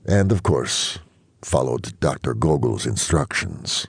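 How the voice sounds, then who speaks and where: A man reading a novel aloud in first-person narration, measured and even. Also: a bass voice, creaky, husky, no room sound. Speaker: audiobook reader.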